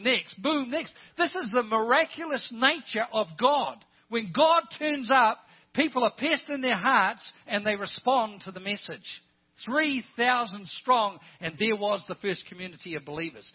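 Older guy preaching a sermon, high husky voice, punchy, asks the crowd questions, muffled lo-fi church recording. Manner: emphatic, with rhetorical questions and joking asides. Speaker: pastor. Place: church service.

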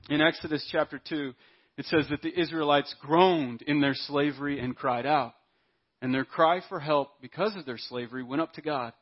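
A man with a slightly higher, husky voice preaches a sermon from the pulpit. He punches key words and lets others fall to a near hush. The sound is dull and lo-fi. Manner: emphatic preacher, drops to hushed asides. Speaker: pastor. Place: church.

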